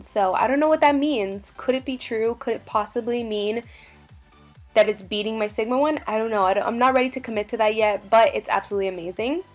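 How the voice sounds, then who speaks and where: Bubbly young woman narrating makeup. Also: on the high side. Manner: bubbly and gushing. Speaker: beauty vlogger. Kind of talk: makeup tutorial voice-over.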